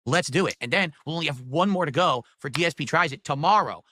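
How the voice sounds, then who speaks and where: A man's voice: fairly high pitch, expressive, fast, bright, forceful tone. A man hosting a live stream, upbeat and pushing viewers to donate. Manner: upbeat hype, reads donations aloud. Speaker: streamer host.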